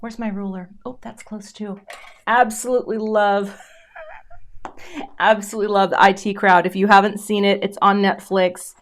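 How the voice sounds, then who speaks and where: A woman's voice: medium pitch, fairly even intonation, moderate pace. Middle-aged woman, craft host, chatty live-stream talk, trails off and restarts mid-sentence while working. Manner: chatty, self-interrupting, reads out viewer comments.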